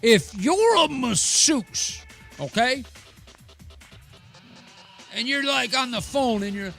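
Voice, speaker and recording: Theatrical, slow-talking sports host. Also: male voice, very high voice, very animated, creaky, bright, forceful tone, soft background music. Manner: theatrical, rambling, teasing, drawn-out asides. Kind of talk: live sports talk show.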